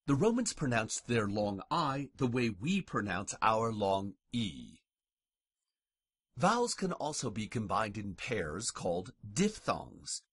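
A man narrating a scripted lesson as a language teacher, carefully and deliberately sounding out each example word. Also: on the low side, a bit bright, husky, no room sound, clean studio sound.

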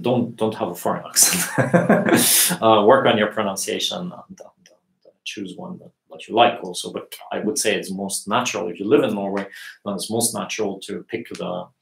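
A man with a northern Norwegian accent, answering viewers' questions in a live language lesson, relaxed and hesitant with many fillers. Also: fairly low pitch, gravelly, echoey room, poor audio.

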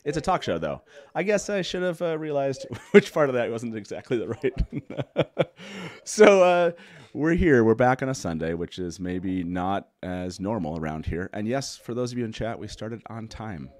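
A man's voice: medium pitch, big pitch swings, normal speed, darkish tone, no echo. A man hosting a casual live talk show, rambling and correcting himself with a chuckle. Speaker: host.

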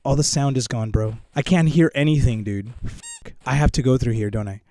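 A young man playing a horror game, swearing, pleading and shouting in panic. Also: mid-range voice, moderate pace, dry recording. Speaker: VR gamer and host. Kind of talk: panicked gaming commentary.

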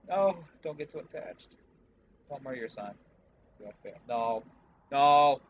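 Man, let's player, casual commentary, slow talk, lively pitch, game music behind. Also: narrow, tinny audio, slight background noise. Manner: casual, swearing, reacting loudly. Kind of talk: gameplay commentary.

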